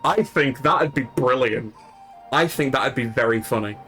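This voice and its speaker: A man's voice: medium pitch, moderate pace, fairly bright tone, soft background music. A man from Yorkshire with a Yorkshire accent, chatting casually and rambling to his stream's viewers, with many fillers and restarts. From Yorkshire, north of England. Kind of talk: casual chat with live viewers.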